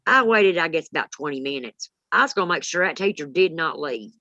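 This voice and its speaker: A woman's voice: low-pitched, brisk, no echo, highs cut off. A woman, telling a story in blunt, salty casual chat. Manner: blunt, salty, animated retelling.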